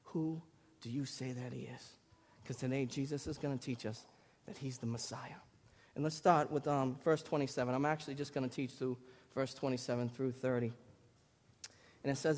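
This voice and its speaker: A man in his thirties with a Lynn, Massachusetts accent, preaching a sermon and telling stories animatedly, getting loud at times. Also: medium pitch, fairly quick. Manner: animated storytelling, rising to loud bursts. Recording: long hall reverb.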